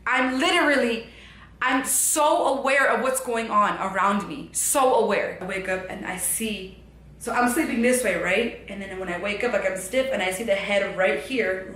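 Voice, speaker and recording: Bright-voiced young woman telling a story. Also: mid-range voice, moderate pace, echoey room. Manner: rambling, filler-heavy, shifts from hushed to animated. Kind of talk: casual storytelling to camera. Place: her apartment.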